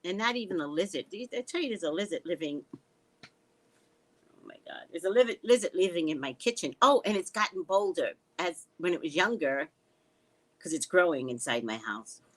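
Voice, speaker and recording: A woman whose voice is on the low side talks at a moderate pace while streaming casually from home. Her storytelling is sarcastic and animated, peppered with swearing, and she reads viewers' comments aloud.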